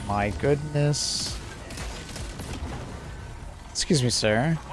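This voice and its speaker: A man's voice: a little high, moderate pace, soft background music. A Canadian man chatting casually while gaming on a live stream, rambling with lots of filler words. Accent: Canadian English. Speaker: gaming livestreamer.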